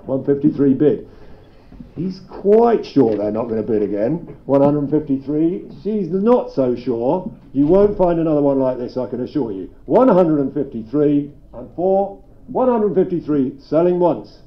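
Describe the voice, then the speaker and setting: A man's voice: fairly high pitch, lively intonation. A man working as an auctioneer, rattling off bids at a live property sale with playful banter. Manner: brisk bid-calling with playful banter. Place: auction room. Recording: dull lo-fi live stream sound.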